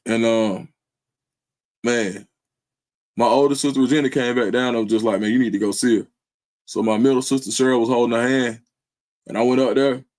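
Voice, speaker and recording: A man's voice: mid-range voice, a little fast, pauses often, darkish tone. A man hosting his own livestream, speaking in an earnest, loose way with lots of slang fillers. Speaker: livestream host. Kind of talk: casual heartfelt livestream talk.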